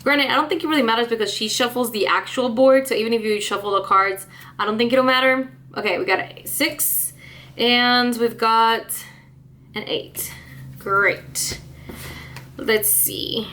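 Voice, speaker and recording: A woman's voice: on the high side, a little slow, sharp tone. Chatty woman vlogging about makeup. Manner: chatty, laughs often, fillers and asides. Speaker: beauty vlogger. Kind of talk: casual chat to camera.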